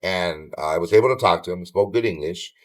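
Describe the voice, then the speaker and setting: Animated older storyteller man from Southern California. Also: sits low, fairly quick. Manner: animated storyteller who swears casually and acts out others' lines. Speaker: podcast guest. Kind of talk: casual storytelling interview.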